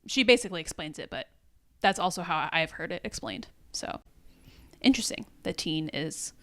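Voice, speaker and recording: A woman with a smooth, resonant voice talks through a TV episode scene by scene. She co-hosts a relaxed podcast chat and often quotes what the characters say. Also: on the low side, normal speed. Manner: recounts scenes in detail, quoting characters. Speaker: podcast co-host. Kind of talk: casual TV recap chat.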